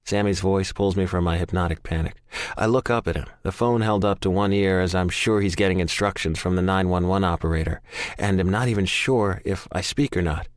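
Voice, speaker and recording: A man's voice: deep voice, fairly quick, no room sound, studio quality. A man narrating a first-person audiobook in an intense, emotional way. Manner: intense, emotional, frequent swearing.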